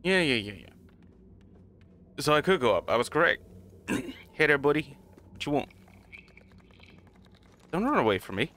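A man's voice: on the high side, big pitch swings, normal speed, pauses often, a bit bright. A man casually commenting on a game as he plays, rambling and chuckling at himself. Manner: rambling, self-mocking, laughs often. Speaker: gaming channel host. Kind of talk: casual let's play commentary.

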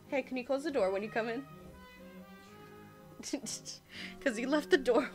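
Young southern girl streamer, chatty and giggly, kinda high voice, faint music under. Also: measured pace, pauses often. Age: young adult. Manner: chatty, giggly, easily sidetracked. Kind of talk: casual live game stream chat.

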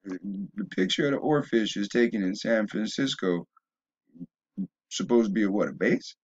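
With a lowish, darkish and slightly rough voice, a male video blogger speaks at a moderate pace in a rambling opinion piece. He frequently stumbles and starts over, then builds to emphatic outbursts, and the recording's highs are cut off.

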